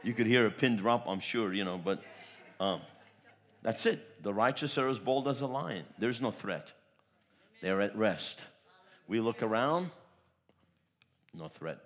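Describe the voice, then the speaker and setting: A man with a fairly low voice delivers a sermon as pastor. He leans hard into bold declarations, then drops into quieter, confiding asides. He tells his stories in rolling, repetitive phrases. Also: lively intonation, a little slow, pauses often. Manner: emphatic, swings between loud declarations and soft asides; storytelling with repeated phrases.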